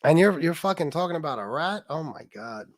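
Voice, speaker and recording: A man's voice: fairly high pitch, expressive, a little fast, no room sound, clean studio sound. Profane ranting man on a livestream. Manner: profane, aggressive, talks to chat. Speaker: livestream host. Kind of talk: heated livestream rant.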